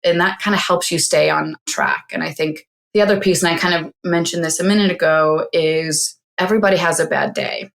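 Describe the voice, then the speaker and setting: A woman in her forties with a very low, gravelly voice full of vocal fry speaks as a podcast guest. She gives practical advice in a reflective, casual way, with many fillers. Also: steady tone, fairly quick, few pauses, fairly bright tone. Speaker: tech CEO guest. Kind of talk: casual interview chat.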